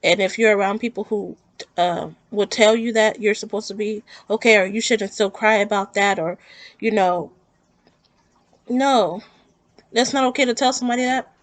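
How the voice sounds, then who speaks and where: A woman speaks in a heartfelt, rambling way, circling back on her words as she talks through her own grief. Her voice sits at an ordinary middle pitch. The sound is dry and close, with no room echo. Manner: earnest, rambling, emotional. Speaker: vlogger. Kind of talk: personal talk to camera about grief.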